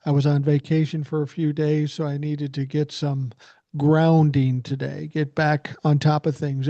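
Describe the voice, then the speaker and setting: An older man hosting a political podcast, talking in a measured, steady way. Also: on the high side, dry recording. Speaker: podcast host. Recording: dull dry lo-fi sound.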